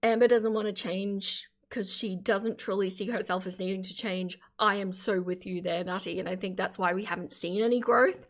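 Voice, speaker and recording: A woman's voice: medium pitch, fairly even intonation, normal speed, hardly any pauses. Woman host, thirties, chatty reaction-stream commentary. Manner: chatty, opinionated, thanks viewers warmly. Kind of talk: casual commentary livestream.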